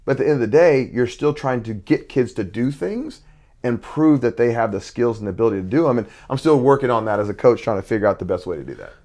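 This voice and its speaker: A man's voice: medium pitch, expressive, quick pace, darkish tone. A middle-aged man, a basketball coach and father, talking intensely in casual conversation with many restarts.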